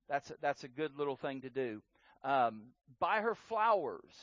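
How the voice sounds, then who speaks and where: A man preaching a sermon on marriage in an earnest way, repeating words for emphasis and swinging between loud and soft. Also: fairly high pitch, no echo, muffled recording.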